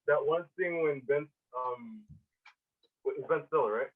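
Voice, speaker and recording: A man's voice: on the high side, measured pace, recorded from a distance. A man co-hosting a podcast, telling stories in a rambling way with lots of fillers. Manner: rambling storyteller with many fillers. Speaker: podcast co-host. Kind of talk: casual chat. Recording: tinny phone-like sound.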